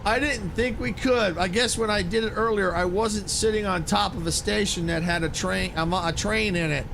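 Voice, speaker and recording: A man giving casual, excitable commentary while playing a video game, exclaiming and laughing often. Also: sits high, moderate pace, gravelly, background noise. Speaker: gaming streamer.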